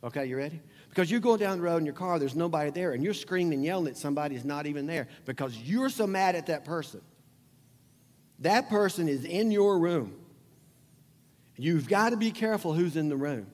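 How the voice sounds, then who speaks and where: Middle-aged male pastor, higher-pitched voice, chatty preaching style with jokes and questions to the crowd, long church-hall reverb. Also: animated, brisk, darkish tone. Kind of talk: sermon.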